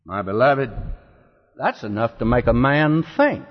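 A man's voice: mid-range voice, big pitch swings, unhurried. A man preaching a sermon, acting out the quoted lines with drama and putting rhetorical questions to his listeners. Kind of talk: expository sermon. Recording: dull lo-fi hall recording.

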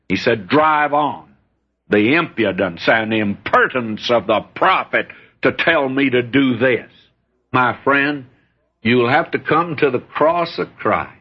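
A man preaching a sermon, telling stories in a folksy way and reading scripture aloud, with a husky voice. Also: medium pitch. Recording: dull lo-fi recording.

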